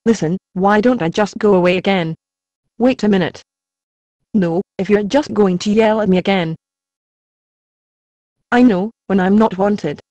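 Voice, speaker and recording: An actor playing a patient, gently wry conscience spirit who sounds a little hurt, in an amateur stage drama. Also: medium pitch, a little slow, pauses often, no echo, natural voice.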